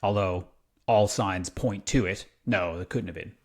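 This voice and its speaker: A man with a low voice chats on a podcast in an easy, unscripted way. He wanders through his thoughts, restarting sentences and leaning on fillers while he looks for words. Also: measured pace. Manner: rambling, searching for words, many fillers. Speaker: podcast co-host. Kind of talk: casual podcast chat.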